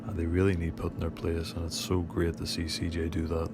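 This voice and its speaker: Low, flat-voiced commentator. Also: male voice, fairly quick, background noise. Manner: indignant, scornful of police. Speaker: commentator on a channel. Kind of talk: voice-over commentary on a video. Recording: loud background music under voice-over.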